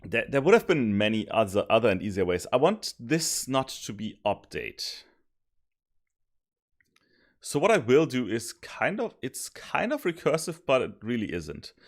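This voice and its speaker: A man streaming while he codes, thinking aloud, mocking his own mistakes and sometimes yelling happily. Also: medium pitch, unhurried. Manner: thinks aloud, self-mocking, bursts of excited yelling and laughter. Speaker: streamer coding a simulation tool. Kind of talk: casual live coding commentary.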